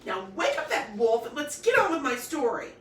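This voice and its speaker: A woman voicing Little Red Riding Hood, a bossy, shrill little girl who demands and wails. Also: big pitch swings, normal speed, a bit bright, far from the mic, slight background noise. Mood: shrill, demanding. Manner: demanding, wailing, stomping tantrum. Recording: echoey room, voice off-mic.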